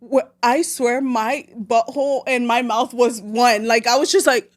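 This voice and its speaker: A Salvadoran woman in her late twenties shares a personal story on a podcast, chatting casually at a measured pace in a voice on the high side. She's animated and slangy, mixing Spanish phrases into her English.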